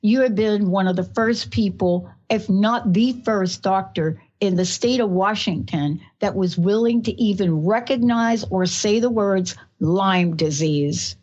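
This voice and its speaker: A woman's voice: medium pitch, measured pace, hardly any pauses, darkish tone. A woman from New York with a New York accent, hosting a talk radio interview in an effusive, emotional and rambling way. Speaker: radio show host. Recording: muffled radio broadcast.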